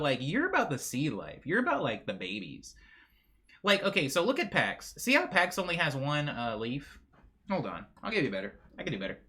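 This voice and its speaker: A man hosting a casual morning stream who talks loosely with his chat and reads their messages aloud. His pitch moves up and down a lot as he rambles, with plenty of fillers along the way. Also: bright, forceful tone. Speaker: livestream host.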